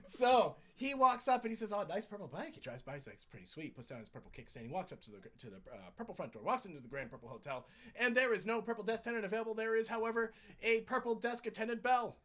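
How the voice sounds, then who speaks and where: A man on a stream telling a long, rambling joke in an animated, playful way, correcting himself as he goes. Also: sits high. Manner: animated, repetitive, playful, with quick self-corrections. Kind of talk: rambling shaggy-dog joke storytelling.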